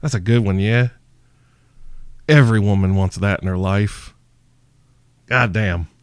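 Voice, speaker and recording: A man's voice: on the low side, a little slow, clear, resonant tone, dry recording. A man hosting a podcast, answering listener questions in a crude, brash, joking monologue. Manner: profane, brash, mock-seductive. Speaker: podcast host.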